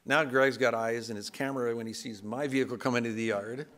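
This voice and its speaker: A man pastor giving a conversational, self-deprecating sermon in a church, slipping into quick acted asides. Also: mid-range voice, steady tone, fairly bright tone. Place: church sanctuary.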